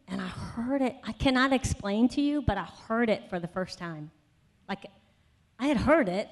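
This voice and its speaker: With a fairly high pitch, lively intonation and moderate pace, a woman tells her personal testimony in a conference sermon. Her storytelling is conversational and dotted with asides, and it grows into emphatic conviction during the conference session.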